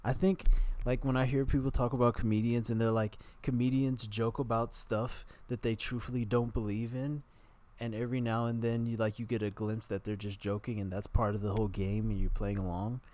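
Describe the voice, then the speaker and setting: A man's voice: mid-range voice, little pitch movement, brisk, hardly any pauses, darkish tone. A man in his twenties rambling and joking in a casual monologue. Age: 20s. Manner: joking, self-deprecating, meandering. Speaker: vlogger.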